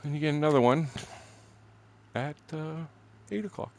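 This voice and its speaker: A man's voice: fairly high pitch, animated, normal speed, a little hiss or hum. A man in his sixties, a gaming streamer, telling a story in blunt, profane, casual talk. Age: 60s.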